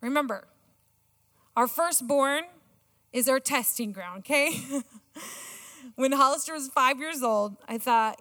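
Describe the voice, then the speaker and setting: A middle-aged woman giving a sermon with a personal story, excitable and self-mocking, laughing often. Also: high voice, normal speed, pauses often. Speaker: church speaker. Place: church auditorium. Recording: long church hall reverb.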